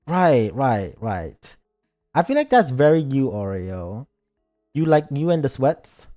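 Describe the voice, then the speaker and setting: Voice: mid-range voice, mellow. Playful streamer reading a story game. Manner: playful, joking asides. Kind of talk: reading a visual novel aloud on stream.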